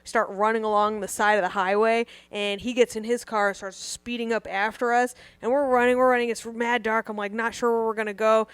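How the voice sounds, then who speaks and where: A woman co-hosting a comedy podcast, telling a long story in a loose, animated way, full of swearing. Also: a little high, fairly quick, few pauses, clear, resonant tone, no room sound. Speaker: podcast co-host.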